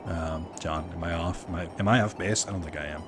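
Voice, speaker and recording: A man's voice: low voice, a little fast, background noise. A man from Minnesota giving casual, profane commentary on a video game he is playing while chatting with his viewers. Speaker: let's play streamer.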